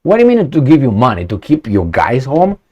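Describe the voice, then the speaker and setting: A man reads out a news story and comments on it bluntly and sarcastically. He fires off rhetorical questions, swears now and then, and stumbles through filler words and restarts. His voice sits at a middling pitch but swings widely up and down. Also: wildly swooping pitch, dark tone, dull audio. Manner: halting, many fillers and restarts.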